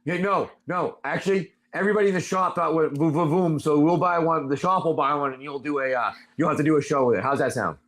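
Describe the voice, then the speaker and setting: Male host and game master, high voice, lively excitable narration. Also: fast, few pauses. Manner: animated, excitable storytelling. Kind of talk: casual chat and tabletop game narration.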